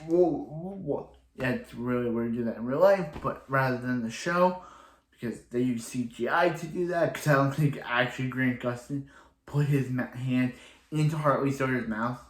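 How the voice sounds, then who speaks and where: A man in an echoey room talks at an ordinary mid pitch. He retells a TV episode in a loose, rambling way and keeps circling back on himself. His sentences are chained together with repeated fillers as he works through the plot. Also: moderate pace. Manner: rambling, repeats "so he's like" a lot. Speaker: TV show reviewer. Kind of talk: casual episode recap.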